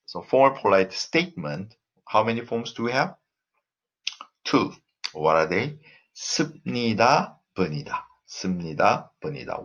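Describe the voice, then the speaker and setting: A man with a Korean accent teaching a recorded language lesson, explaining slowly with many fillers and repeating example phrases. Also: lowish voice, a bit bright, dull audio.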